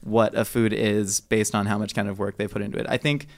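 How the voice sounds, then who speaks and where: A man's voice: fairly low pitch, little pitch movement, a little fast. A man arguing his side on a casual podcast, rambling and jokey with mock-earnest asides. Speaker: podcast co-host debater.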